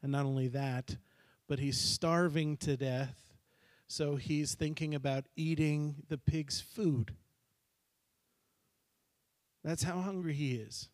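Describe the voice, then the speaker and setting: A middle-aged male pastor tells a story from the pulpit in a fairly high voice. He acts out each character as he goes, and the sound is dry and close. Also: fairly even intonation, unhurried, dry recording. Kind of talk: sermon storytelling.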